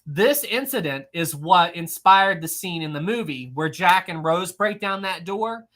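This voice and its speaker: Bright, upbeat trivia quiz host. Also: medium pitch, animated, a little slow. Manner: upbeat, laughs often, repeats praise and questions. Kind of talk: casual live-stream chat reading answers from viewers.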